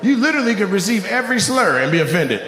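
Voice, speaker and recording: A man doing crowd work stand-up, teasing audience members with loud, profane banter. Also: sits high, sing-song, fast talker. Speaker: stand-up comedian. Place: comedy club stage before a live audience. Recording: roomy club with long reverb and audience noise. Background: audience laughter and clapping.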